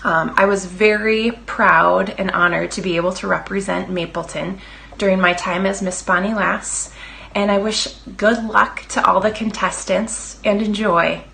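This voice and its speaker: Woman in her thirties, a bit gravelly. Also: medium pitch, steady tone, a little slow, bright, forceful tone. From Minnesota, US. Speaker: former pageant winner giving a greeting. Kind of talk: recorded personal greeting.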